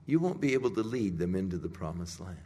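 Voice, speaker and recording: A man's voice: deep voice, animated, fast talker, a little mellow, slightly rough, voice pushed down. A man voicing a stern but fatherly divine figure who speaks in a firm, reproachful way, in a sermon retelling. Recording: echoey hall.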